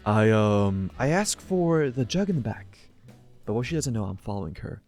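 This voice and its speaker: A man's voice: lowish voice, big pitch swings, moderate pace, a little mellow, soft background music. A young man co-hosting a podcast, telling playful, rambling stories full of fillers in casual chat. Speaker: podcast co-host.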